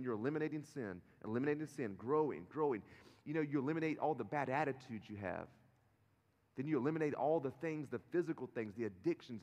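A middle-aged man preaching a sermon as pastor, telling stories with feeling and acting out the voices of the people in them. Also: mid-range voice. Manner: animated storytelling, acting out quoted voices. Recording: long reverb of a large hall.

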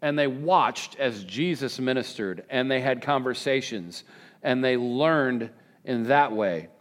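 A man preaching a sermon to a congregation, animated and joking, prompting the people to answer back. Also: medium pitch. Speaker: pastor. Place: church service with congregation.

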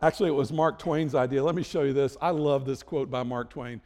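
A man's voice: medium pitch, fairly even intonation, brisk, darkish tone, long reverb tail. A middle-aged man preaching a sermon as a pastor, conversational and self-deprecating with jokes.

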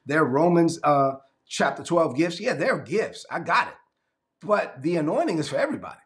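A man's voice: on the high side, big pitch swings, brisk. A man preaching a sermon as a pastor, asking rhetorical questions and reading scripture aloud to a congregation that is streamed online.

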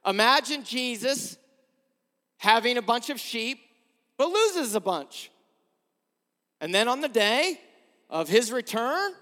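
A male pastor with a notably high voice delivers a slow, deliberate sermon. He poses rhetorical questions and moves between emphatic peaks and hushed low moments. His voice rings with the long reverb of a church sanctuary.

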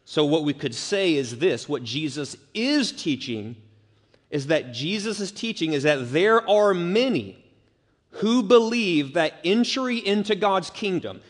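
Emphatic preaching man, ringing hall. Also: high-pitched. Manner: emphatic, repeats key words for stress. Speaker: pastor. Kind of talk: expository sermon. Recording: long reverb of a large hall.

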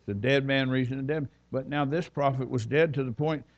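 Man, guest preacher, sermon, folksy conversational asides, mid-pitched voice, muffled church recording. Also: fairly quick.

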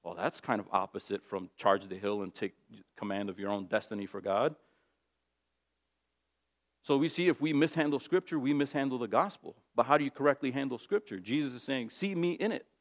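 A man's voice: medium pitch, a little fast. A man preaching a sermon in a casual, conversational way, telling stories with lots of animation. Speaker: pastor.

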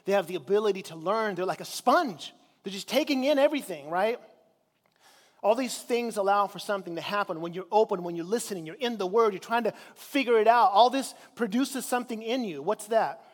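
Male pastor, high voice, conversational sermon, long hall echo. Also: animated, moderate pace. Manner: conversational preaching, repeats words when searching.

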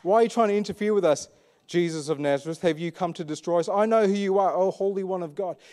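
A preacher acting out a petty blustering demon. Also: male voice, high-pitched, fast, darkish tone, close to an everyday voice. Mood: defiant. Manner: defiant, blustering challenge. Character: petty male demon puffing itself up. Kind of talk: sermon retelling.

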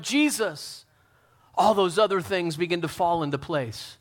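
A pastor preaching a sermon, talking straight to his congregation, swinging from loud fervent peaks to soft hushed lines. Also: sits high, unhurried. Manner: talks straight to the congregation with questions.

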